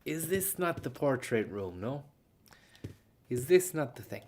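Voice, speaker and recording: A man's voice: medium pitch, sing-song, measured pace, heavy background noise. A young man, tired and yawning, commenting on a game as he plays and cursing freely while thanking viewers by name. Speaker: streamer. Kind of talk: live gameplay commentary.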